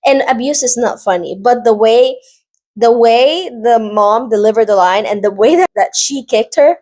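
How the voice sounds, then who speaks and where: A woman talks straight to her viewers in a casual, chatty recap, her voice sitting a little higher than most. She rambles, wanders into side notes and leans on "like" constantly. The energy stays animated and conversational throughout. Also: normal speed. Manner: animated, rambling, heavy use of "like". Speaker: book and drama recap vlogger.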